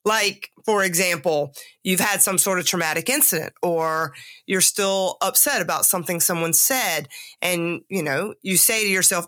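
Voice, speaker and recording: A woman's voice: on the low side, moderate pace, a bit bright. A middle-aged woman hosting a podcast, talking candidly and confessionally about herself while she is sick with a cold. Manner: candid, confessional, self-mocking asides. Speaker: podcast host. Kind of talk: personal reflective monologue.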